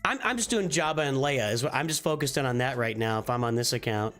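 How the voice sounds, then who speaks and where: A man's voice: medium pitch, expressive, fast talker, fairly bright tone. A man streaming live, reviewing viewers' game rosters in casual commentary, thinking aloud with restarts and repeated phrases. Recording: faint music behind.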